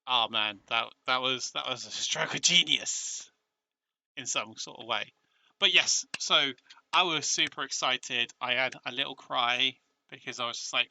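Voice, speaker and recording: A man with a British accent chatting casually on a live stream, excitable and emotional, often restarting his sentences. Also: mid-range voice, measured pace, dry recording.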